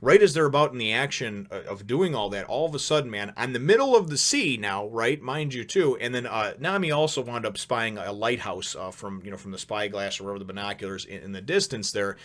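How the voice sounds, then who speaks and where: A man's voice: lowish voice, a little fast, few pauses. Chatty man hosting a casual review. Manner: chatty and rambling, laughs often, excitable. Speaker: manga chapter reviewer, show host.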